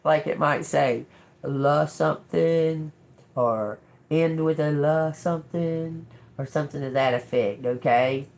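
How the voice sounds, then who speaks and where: A woman doing an intuitive tarot reading. She repeats channeled words slowly and quietly, then turns chatty when she explains them to viewers. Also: sits low. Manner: slow, murmured repetition of channeled words. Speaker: tarot reader.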